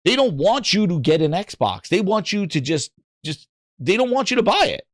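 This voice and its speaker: A man hosting a gaming podcast, ranting in casual chat, animated and exasperated, rambling with frequent restarts. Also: high-pitched, moderate pace, no room sound, clean studio sound.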